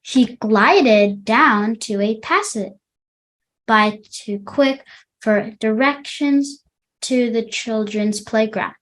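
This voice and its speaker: A woman's voice: a little high, takes it slowly. Young woman teacher reading to kids. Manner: friendly, explains words to children mid-story. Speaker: children's English teacher. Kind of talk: reading a storybook aloud to a class.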